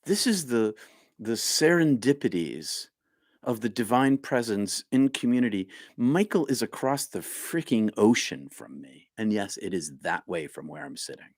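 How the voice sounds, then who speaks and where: A man leading a casual spiritual live stream, reading viewer comments and musing in a rambling, halting, reflective way. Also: fairly low pitch, expressive, no room sound, studio quality.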